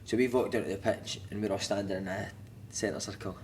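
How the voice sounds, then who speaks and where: A man's voice: on the low side, fairly even intonation, a little fast, a little mellow, a little hiss or hum. A Scottish man, a former footballer and podcast guest, telling stories in casual chat, swearing freely, laughing through them and acting out other people's lines. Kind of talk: casual storytelling. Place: studio couch.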